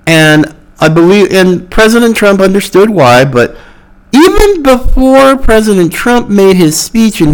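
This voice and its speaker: A man's voice: sits high, low-quality recording. A man hosting a podcast, giving an impassioned political commentary monologue, arguing and mocking opponents' slogans. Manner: impassioned, argumentative, with mocking quotes. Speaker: podcast host.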